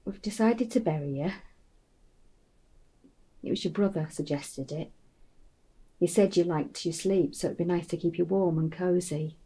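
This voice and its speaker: A grieving middle-aged mother. Her voice is husky and dark, and she speaks in a soft, halting hush that often slips into a whisper. The delivery is gentle and intimate. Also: lowish voice. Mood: gentle, warm. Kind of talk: film drama monologue.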